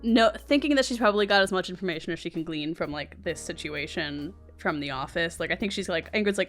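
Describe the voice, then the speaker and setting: A woman's voice: on the low side, brisk, few pauses, soft background music. Playful woman player thinking aloud. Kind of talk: casual tabletop play.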